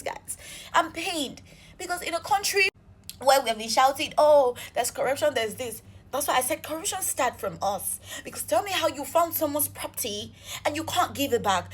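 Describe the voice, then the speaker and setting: A woman telling an exasperated storytime vlog, animated and swearing freely. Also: high voice. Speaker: vlogger.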